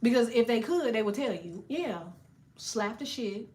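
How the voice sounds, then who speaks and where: A woman's voice: a little high, a little slow. A woman tarot reader chatting on a live stream, cursing freely, laughing often and talking back to viewers in the chat. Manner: profane, animated, laughing, reads chat aloud.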